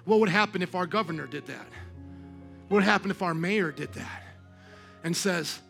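A high-pitched man delivers a church sermon, bright and sharp in tone. He swings from hushed, confiding lines to impassioned shouts and questions his congregation directly. Soft music plays underneath. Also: normal speed, vocal fry, long pauses. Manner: passionate preaching that swings from quiet to shouting. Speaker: pastor. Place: church service.

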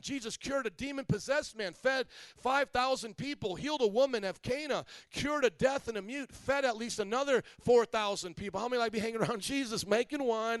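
Brief: high-voiced man from Indiana, chatty joking pastor quizzing his church, dry close sound. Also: no echo. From Indiana, USA. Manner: conversational and joking, quizzes the congregation. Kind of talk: sermon.

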